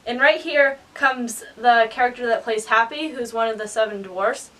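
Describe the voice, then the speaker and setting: A young woman vlogger telling an excitable storytime, acting out quotes in high squeals. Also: moderate pace, distant mic. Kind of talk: storytime vlog.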